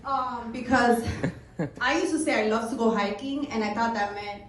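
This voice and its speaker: A woman's voice: a little high, normal speed. A young woman doing a stand-up comedy set on stage, casual and profane, laughing through her story. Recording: echoey club room, far mic, loud crowd. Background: audience laughter and room noise.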